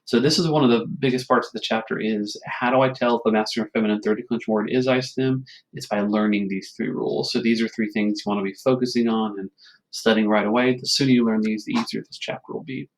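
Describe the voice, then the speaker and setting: A man's voice: fairly low pitch, steady tone, quick pace, rough recording. A man teaching a recorded lesson, explaining grammar rules patiently and checking in with frequent questions. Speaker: Latin teacher. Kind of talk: recorded classroom lecture.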